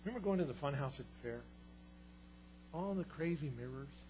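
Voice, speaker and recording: Male pastor, fairly high voice, animated sermon delivery swinging loud and soft; muffled recording, light hum. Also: a little fast, faint music behind. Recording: dull sound with faint hum.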